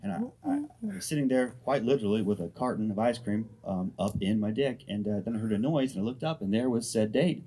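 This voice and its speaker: A man's voice: fast, husky. A man doing a stand-up comedy set, telling loose, profane stories. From Oregon. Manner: loose, profane storytelling with lively swings in pitch. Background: audience laughter.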